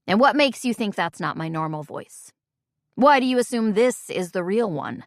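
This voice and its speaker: Audiobook casting: a woman doing a cocky young Irish charmer, teasing and playful, mid-pitched, dry close read. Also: animated, moderate pace, no room sound, lightly acted.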